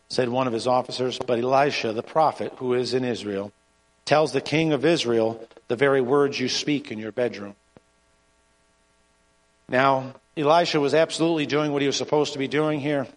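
Male preacher in a reverberant hall. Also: mid-range voice. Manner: earnest, halting preaching with restarts. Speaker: pastor. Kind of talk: sermon with scripture reading.

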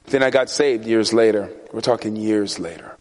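A man's voice: fairly low pitch, moderate pace, darkish tone. A man preaching a sermon in a conversational, storytelling way, chuckling often. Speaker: pastor.

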